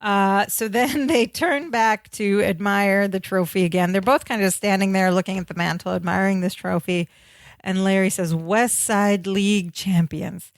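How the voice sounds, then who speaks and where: A woman's voice: mid-range voice, steady tone, moderate pace, gravelly, no room sound. A woman co-hosting a rewatch podcast in casual chat, walking through each scene and quoting the dialogue with a laugh. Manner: narrates plot, quotes dialogue, laughs easily. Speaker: podcast co-host.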